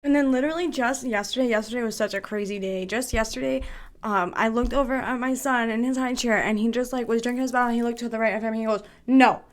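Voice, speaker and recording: A woman hosting a podcast over a video call. She chats casually and tells stories in an excitable way, with the odd swear word. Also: on the high side, quick pace. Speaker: podcast host. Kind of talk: casual interview chat.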